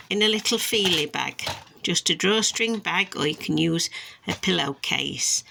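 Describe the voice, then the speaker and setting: A woman speech and language therapist from England, teaching parents sound awareness games in a slow, careful way and stretching out words to model them. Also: on the low side, creaky, bright, forceful tone. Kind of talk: instructional demonstration for parents.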